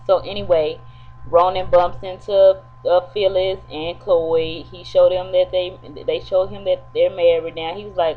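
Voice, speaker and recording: A woman's voice: lowish voice, little pitch movement, measured pace, faint music behind. A woman in a casual, chatty soap opera episode recap, talking straight to her viewers. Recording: dull lo-fi with faint hum.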